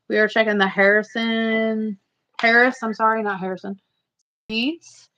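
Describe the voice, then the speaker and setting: A woman's voice: mid-range voice, a bit bright. A woman hosting a casual livestream, chatting and rambling to her viewers. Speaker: livestream host. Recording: slightly muffled lo-fi audio.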